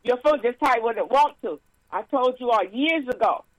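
A woman's voice: on the high side, normal speed, dry recording, rough recording. Laughing woman minister, dry sound. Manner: lively, laughing, frequent praise interjections. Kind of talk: casual sermon with testimony and announcements.

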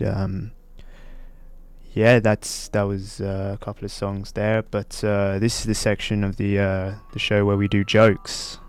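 A low-voiced man hosts a casual show and works through a joke with plenty of ums and pauses. His delivery stays level and even, and his voice is smooth and clean. The sound is dry and close. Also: no room sound. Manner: hesitant, full of ums and uhs. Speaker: radio-style show host.

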